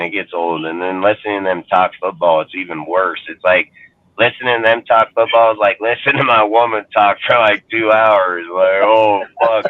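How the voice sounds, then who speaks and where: A low-voiced man hosts a sports fan podcast, ranting angrily with crude, scornful, profane talk. The recording has no room sound but comes across tinny, like a phone line.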